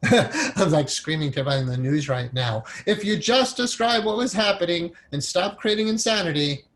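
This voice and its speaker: A man teaching a recorded meditation class in a casual, animated way, acting out the inner voice of the mind as examples. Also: sits high, a little fast.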